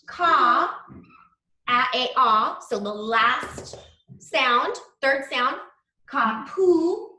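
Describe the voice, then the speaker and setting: A woman teaching young children in an online class, talking slowly and patiently, spelling out sounds. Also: high voice, pushed and bright.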